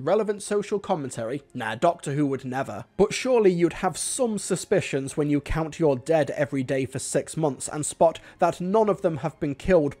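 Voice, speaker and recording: A man's voice: fairly high pitch, a little mellow. Analytical male TV reviewer. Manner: analytical, measured, dry asides. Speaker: TV episode reviewer. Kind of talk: scripted video review narration.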